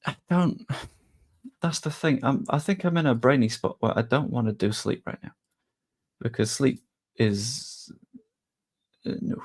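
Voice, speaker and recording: A man's voice: medium pitch, lively intonation, measured pace, pauses often. A man chatting casually on a live stream, rambling a little and answering viewers' messages. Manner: rambling, reads chat aloud and answers it.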